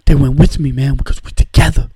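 A man mocking an overwrought, tearful male football star who shouts in a high, emotional voice. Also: fairly even intonation, quick pace, breathy edge, no room sound. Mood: solemn.

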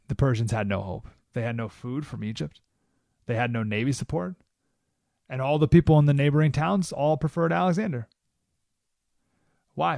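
A man hosting a talk radio show, delivering an animated monologue and acting out quoted voices with sudden jumps in pitch. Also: creaky, no room sound, clean studio sound.

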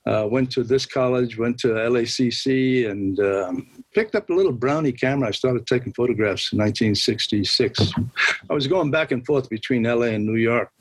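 Older male photographer, husky and breathy, dry close sound, rambling recollections. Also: mid-range voice, normal speed, dry recording, rough recording. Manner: relaxed recollection with many fillers. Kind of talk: conversational storytelling. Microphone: online video call.

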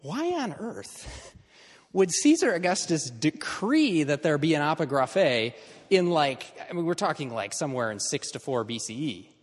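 Man, classroom lecturer, animated pitch, slightly raised voice, lingering room reverb. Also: moderate pace, husky. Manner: lively, conversational, checks in with the class.

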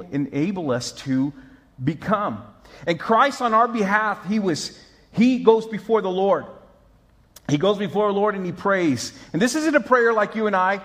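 A man preaching a sermon as pastor, telling stories with lively swings between loud and soft. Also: high-pitched, moderate pace. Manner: animated storyteller, mimics moaning, swings loud and soft.

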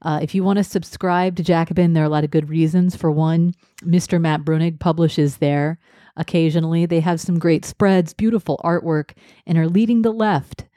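A woman with a lowish, mellow voice hosts a casual podcast. She talks dryly and self-deprecatingly, padding her lines with frequent "uh"s. The sound is close and dry, with no room around it. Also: fairly even intonation, normal speed, no echo. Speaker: podcast co-host.

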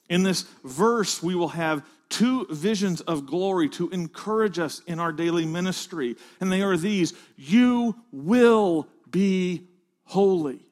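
A man preaching a sermon to fellow pastors, rising to loud emphatic peaks and dropping to hushed phrases. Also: high voice.

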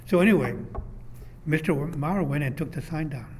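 An older man, a retired architectural designer, being interviewed for an oral history and telling rambling, animated stories from his career. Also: on the high side, normal speed, a little hiss or hum. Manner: rambling, animated storyteller who acts out quoted dialogue.

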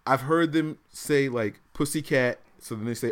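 Animated storytelling man. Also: medium pitch, moderate pace. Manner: animated storytelling, laughs often. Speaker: podcast co-host. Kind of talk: casual chat.

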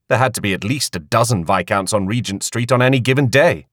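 A man narrating an audiobook in an expressive storytelling manner. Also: medium pitch, quick pace, hardly any pauses, dry recording, clean studio sound. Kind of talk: scripted narration.

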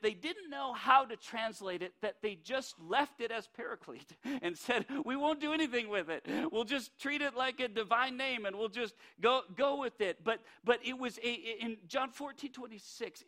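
A man from North Dakota, preaching a sermon in a folksy, animated way with many restarts. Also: high-pitched.

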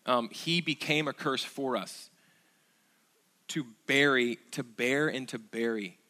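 A man's voice: mid-range voice, takes it slowly, pushed and bright. A man preaching a sermon as pastor, earnest, asking the congregation rhetorical questions, with fillers and restarts.

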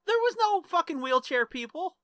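A man co-hosting a podcast, recounting stories in a relaxed, swearing manner. His voice is bright and sharp. It sounds close and dry. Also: extremely high pitch, normal speed, no echo. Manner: laid-back, swearing, storytelling. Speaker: podcast co-host. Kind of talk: casual profane chat.

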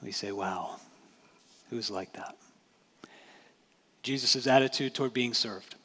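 A man's voice: medium pitch, slow, bright, forceful tone, slightly rough. A man preaching a sermon as pastor, talking to the congregation in a conversational way and asking rhetorical questions. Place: church sanctuary. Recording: church hall reverb.

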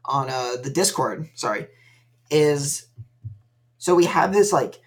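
A man's voice: medium pitch, lively intonation, normal speed. A young man co-hosting a casual podcast, dry and rambling as he recaps episodes. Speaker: podcast co-host. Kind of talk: casual chat.

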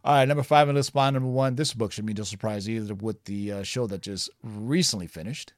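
A man's voice: fairly low pitch, fast, no echo. A man hosting a podcast, chatting casually and rambling through stories, often laughing. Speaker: podcast host. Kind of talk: casual chat.

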